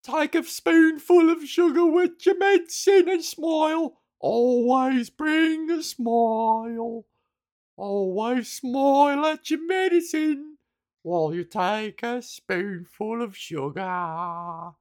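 A woman voicing a prim, sugary, cheerful nanny in a slow sing-song, giving preachy advice. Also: sits high, darkish tone, voice pushed up.

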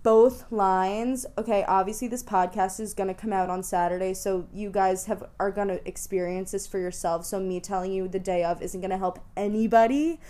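This is a young woman in her twenties, co-hosting a casual podcast. She talks in an animated, jokey way and swears offhandedly while telling stories. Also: medium pitch, moderate pace, few pauses. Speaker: podcast co-host. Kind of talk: casual chat.

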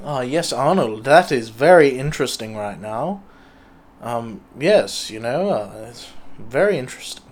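A man's voice: mid-range voice, lively intonation, unhurried. A man voicing a deferential, bland male podcast cohost who mumbles politely and repeats himself. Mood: politely bored. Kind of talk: improvised comedy character.

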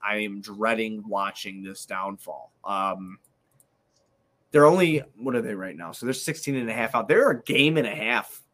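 A man's voice: fairly low pitch, a bit bright. A man hosting a casual sports podcast, frustrated, swearing freely and repeating himself as he talks the game over. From Italian heritage.

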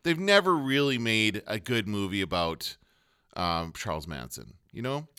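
Bright-voiced man rambling about movies. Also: lowish voice, big pitch swings, unhurried, clean tone. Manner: rambling, looks things up mid-talk. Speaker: podcast co-host. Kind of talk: casual movie chat.

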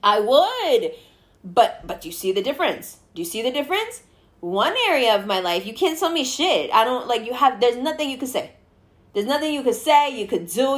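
Lively, high-voiced woman chatting. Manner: animated, swears freely, acts out quoted voices. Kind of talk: casual chat.

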